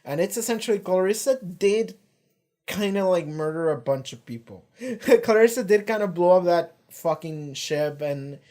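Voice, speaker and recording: A man giving loose, unscripted reaction commentary on a TV episode, rambling with lots of fillers and the odd curse, often trailing off softer at the end of phrases. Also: high-pitched, lively intonation, moderate pace. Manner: rambling, heavy use of "like", casual swearing. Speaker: TV series reaction streamer. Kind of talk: casual live reaction commentary.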